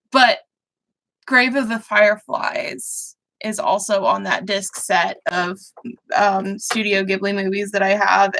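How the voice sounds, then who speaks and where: A woman's voice: medium pitch, sharp tone, low-quality recording. A young woman hosting a livestream, chatting casually and rambling with many fillers as she sews. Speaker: livestream host. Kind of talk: casual chat while sewing.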